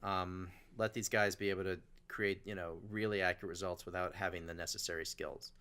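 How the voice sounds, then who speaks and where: A man's voice: low-pitched, a little fast, smooth. A man hosting a podcast, telling a long personal story in casual conversation and briefly acting out the people in it. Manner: animated, acts out quoted people in his stories. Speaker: podcast host.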